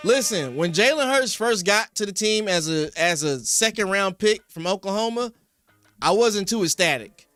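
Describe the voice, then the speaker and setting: Heated, high-voiced Philly sports host. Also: male voice, lively intonation, moderate pace, fairly bright tone, faint music behind. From Philadelphia. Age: young adult. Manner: rambling, reads chat names, rises to heated rants. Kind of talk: casual sports talk to live chat. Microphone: studio podcast mic.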